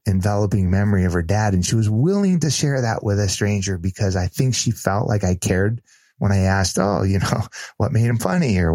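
A man guest telling an earnest, animated personal story in casual conversation, with frequent restarts. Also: lowish voice, no room sound. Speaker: podcast guest.

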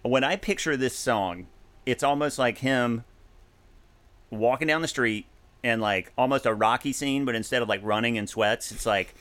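An animated man in casual conversation, swearing freely and jumping up into sung snippets mid-sentence. His voice sits at an ordinary middle pitch, with plenty of swing. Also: moderate pace. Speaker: podcast co-host. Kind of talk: casual chat about music.

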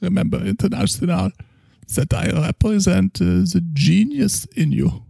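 A man voicing a pompous, tipsy male German psychoanalyst with a put-on German accent, slow and grandiose in his boasting. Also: sits high, gravelly, warm tone, breathy edge, no echo, studio quality, pitched above the performer's own voice, full character voice. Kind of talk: improvised comedy character.

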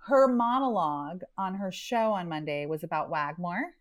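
A woman who runs a dog rescue, telling a story in a lively, chatty way and acting out the quotes. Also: lowish voice, normal speed. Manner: animated, chatty, lots of "like" and acted-out quotes. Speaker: dog rescue owner and pet matchmaker. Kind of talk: storytelling in an interview.

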